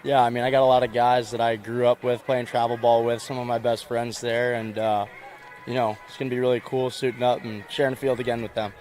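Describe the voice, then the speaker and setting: Brief: young male college ballplayer, monotone, low-key, modest answers. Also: brisk, rough recording. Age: young adult. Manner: laid-back, filler-heavy, modest. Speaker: college baseball player. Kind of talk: postgame-style player interview.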